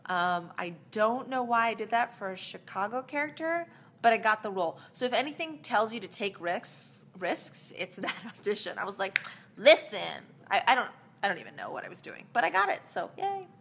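An actress casually answering fan questions in a live Q&A, chatty and rambling, with plenty of fillers and small laughs. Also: female voice, on the high side, animated, fairly quick, a bit bright, slight background noise.

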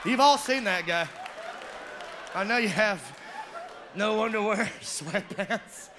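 Southern male stand-up comic, high-pitched, shouty and animated, live club recording with audience noise. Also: slow pace, a crowd in the background. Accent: Southern American. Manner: loud, animated storytelling with shouted character voices. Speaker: stand-up comedian. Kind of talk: stand-up comedy routine. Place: comedy club stage before a live audience. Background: audience laughter.

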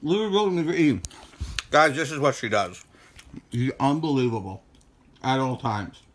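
A man's voice: medium pitch, expressive, a little fast. A man vlogging with his wife, joking, teasing and grumbling in casual family banter. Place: at home and outdoors on the street.

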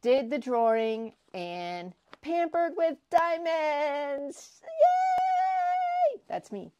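A woman crafting vlogger unboxing prizes she won, gushing and excitable, often repeating herself. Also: on the high side, slow pace, no echo, lo-fi sound. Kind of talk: casual unboxing vlog.

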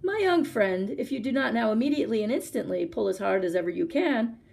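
A woman's voice: a little high, lively intonation, brisk, vocal fry, a little mellow, slightly rough, full character voice. A woman voicing a pompous, wordy male python who speaks in grand formal phrases, in a storytime read-aloud. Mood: pompous, urgent. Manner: pompous, elaborate formal speech.

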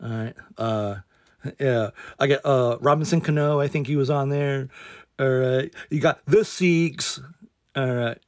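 A man's voice: mid-range voice, unhurried, a little mellow, no room sound, clean studio sound. A man hosting a casual card unboxing, rambling with lots of fillers and repeated exclamations.

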